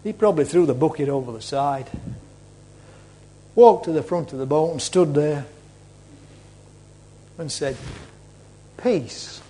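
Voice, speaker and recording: Slow, high-voiced dramatic preacher. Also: male voice. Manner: dramatic, swings between loud and hushed. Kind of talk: sermon storytelling.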